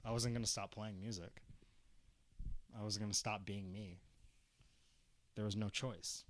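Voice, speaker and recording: A young man telling a funny story in casual chat, animated, laughing often and swearing. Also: on the low side, unhurried. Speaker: guest. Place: Arizona.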